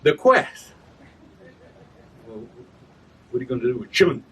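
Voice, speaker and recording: A man's voice: mid-range voice, fast. A man giving a reading of his own work, chatting casually with a live audience about verse and correcting himself as he goes. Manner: chatty, explains with rhythm sounds, self-corrects. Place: reading event room. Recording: distant mic with room ambience.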